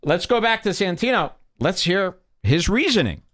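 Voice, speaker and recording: Bright, animated, sarcastic male podcast host. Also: sits high, normal speed. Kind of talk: commentary over played clips.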